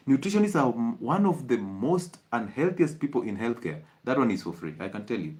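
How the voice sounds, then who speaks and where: A man with a Kenyan accent, a doctor giving an emphatic, rhetorical health talk that repeats its points for effect. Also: mid-range voice.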